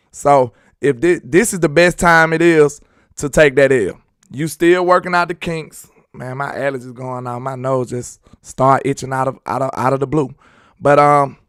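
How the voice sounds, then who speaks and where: A man hosts a loose, rambling sports talk stream, slipping into asides to his chat and laughing easily. His voice sits a little high for a man, with a smooth, resonant ring. The sound is close and dry with no room around it. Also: no echo. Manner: laid-back, rambling, chats with viewers and laughs often. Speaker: sports talk show host.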